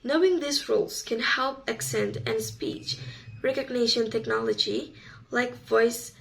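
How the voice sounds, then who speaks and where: A woman student reading a class presentation on sound rules, slow and careful. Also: a little high, creaky, a bit bright, poor audio.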